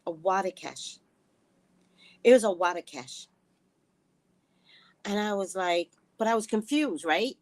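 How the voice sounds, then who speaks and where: Lively, chatty woman telling a story. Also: mid-range voice, a little slow, long pauses. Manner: animated, laughs often, chatty asides to viewers. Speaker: spiritual reader and vlogger. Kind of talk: casual storytelling chat.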